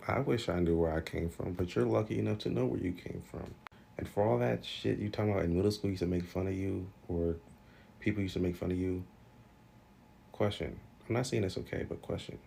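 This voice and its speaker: A man's voice: low-pitched, steady tone, fast, gravelly, dark tone, slight background noise. A young man in a blunt, exasperated casual rant, swearing freely. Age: young adult. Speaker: commentator. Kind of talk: casual social media rant.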